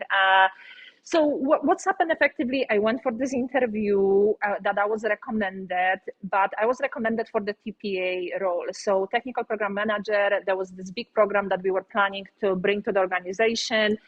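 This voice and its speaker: A woman from Poland with a Polish accent, an interview guest telling her career story in a lively, chatty way with frequent fillers. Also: medium pitch, muffled recording.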